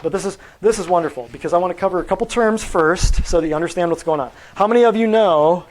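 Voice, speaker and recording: A man's voice: high voice, quick pace, a little hiss or hum, low-quality recording. Emphatic man quizzing his audience. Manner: blunt and combative. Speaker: natural health practitioner giving a talk. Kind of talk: lecture to a live audience.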